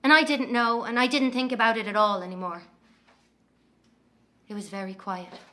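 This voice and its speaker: A woman's voice: a little high, fairly even intonation, bright, forceful tone. An actress with an Irish accent playing a young woman haunted by her missing twin, telling her story as a dramatic monologue in an audio drama. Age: young adult. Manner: breathless storytelling, quick to anger.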